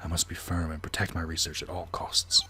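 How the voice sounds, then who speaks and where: A low, deep-voiced male scientist , as a man puts him on, in a game, firm and secretive about his work. The accent is put on and hard to place. A faint hiss sits under the recording. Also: flat delivery, a little fast, sharp tone. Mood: determined.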